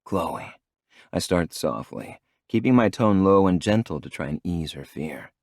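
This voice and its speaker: A man narrating a romance novel in the first person, with a low, measured, intimate delivery. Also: lively intonation, darkish tone, no echo, clean studio sound. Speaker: audiobook narrator.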